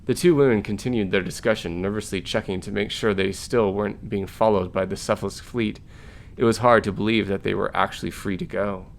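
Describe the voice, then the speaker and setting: A man reviewing a story game, narrating its text aloud in an even, plain way. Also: lowish voice, fairly quick, gravelly, a little hiss or hum.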